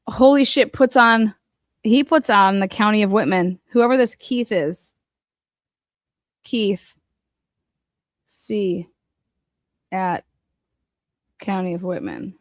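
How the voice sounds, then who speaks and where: Excitable, swearing woman commentator. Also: medium pitch, slow, pauses often, dry recording, studio quality. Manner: excitable and profane, swinging from muttering to loud exclamations. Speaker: online true-crime commentator. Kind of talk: casual commentary while reading documents.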